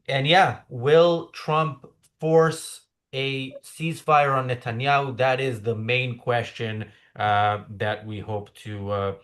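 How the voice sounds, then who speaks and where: A man's voice: on the low side, a bit bright. A man hosting a live online political talk show, speaking casually with many fillers and restarts. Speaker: host.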